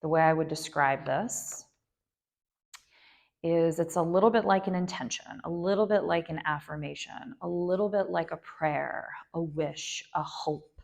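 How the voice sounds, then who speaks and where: A woman guiding a yoga nidra meditation in a gentle, unhurried way, with soft asides and frequent fillers. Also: low-pitched, vocal fry. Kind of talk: guided meditation instruction.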